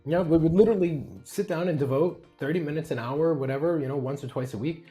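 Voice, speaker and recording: A man's voice: on the high side, fast talker, dark tone, soft background music. An American man chatting as an interview guest, rambling with many fillers and restarts. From United States. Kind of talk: casual interview chat.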